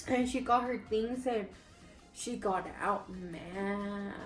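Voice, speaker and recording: A woman's voice: medium pitch, takes it slowly, soft background music. Mexican-accented young woman, echoey room. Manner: chimes in, finishes her co-host's sentences. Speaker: vlog co-host. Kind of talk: casual storytelling during a mukbang.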